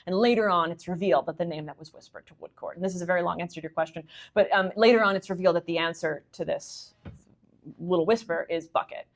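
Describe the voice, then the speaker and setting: A woman's voice: lowish voice, fast. Chatty woman answering audience questions. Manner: chatty, many fillers and asides, enthusiastic. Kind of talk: conversational lecture Q&A. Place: meeting room with audience.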